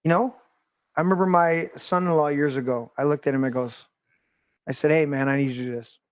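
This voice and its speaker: A man hosting a casual conversation, telling animated stories and swearing freely. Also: on the high side, fairly quick, no echo. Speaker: podcast host.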